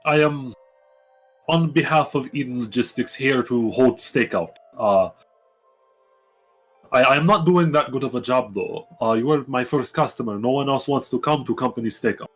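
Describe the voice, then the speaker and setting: A man's voice: medium pitch, faint music behind, natural voice. A man doing an earnest simple cook. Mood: plain. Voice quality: halting, plain, earnest. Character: simple earnest male camp cook, broken speech.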